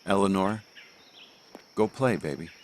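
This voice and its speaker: At a measured pace and in a low-sitting voice, a man gives casual live game commentary from home, reviewing golf courses. He thinks aloud in a rambling, joking way, with plenty of fillers.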